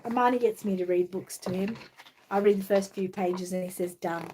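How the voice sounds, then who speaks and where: A woman's voice: medium pitch, steady tone, normal speed, warm tone, a little hiss or hum. An Australian woman hosting a live stream, chatting casually with lots of fillers and a sleepy, rambling manner, then reading a children's storybook aloud. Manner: rambling, filler-heavy, drowsy. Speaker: livestream host.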